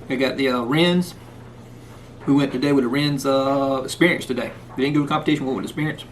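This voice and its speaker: A man hosts a laid-back cooking vlog, first outside in the rain and then indoors, speaking in a folksy way and sometimes with his mouth full. His mid-range voice holds a fairly even intonation at a quick pace, with a little hiss or hum in the recording.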